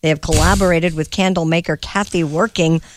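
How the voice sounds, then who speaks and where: A woman's voice: deep voice, fairly even intonation, brisk, slight background noise. A woman hosting a comedy news segment, reading odd news stories with wry asides.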